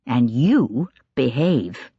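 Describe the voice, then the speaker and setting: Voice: medium pitch, extremely slow, husky, dry recording, voice pushed down, full character voice. A reader voicing a cool, commanding male lord. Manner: calm, clipped and commanding. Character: cool, sharp-tongued aristocratic male lord. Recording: dull, dry lo-fi recording.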